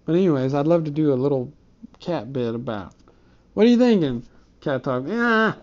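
A man telling a rambling comic story, cursing often and wandering off topic, in a dark room. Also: a little high, lively intonation, normal speed, lo-fi sound. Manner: rambling, profane, digressive. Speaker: comedic storyteller.

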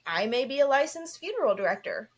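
A woman's voice: high voice, sing-song, quick pace, breathy edge. A young woman co-hosting a podcast, talking candidly and earnestly in casual chat, with frequent restarts and fillers. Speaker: podcast co-host.

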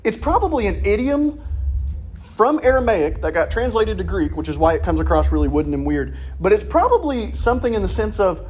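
A man teaching a casual Bible class in a church classroom, joking and animated, his voice jumping high when he makes a point. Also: a little fast, slight background noise.

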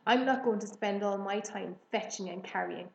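A woman's voice: mid-range voice, a little slow, slight background noise, natural voice. A woman voicing a selfish, greedy male rat with a sneering, boastful manner. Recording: roomy echo.

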